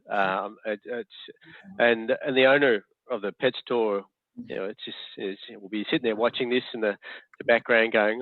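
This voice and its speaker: A man's voice: mid-range voice, steady tone, normal speed, dry recording. A man running an online leadership workshop, chatty and hesitant, full of fillers and restarts. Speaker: workshop facilitator. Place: home or office on a video call. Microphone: video call. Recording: tinny phone-like online call audio.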